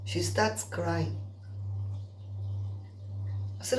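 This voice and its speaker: A woman's voice: on the high side, expressive, unhurried, a little hiss or hum. A woman telling a long story in a chatty, gossipy way, speaking to her viewers. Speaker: vlogger. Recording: roomy echo.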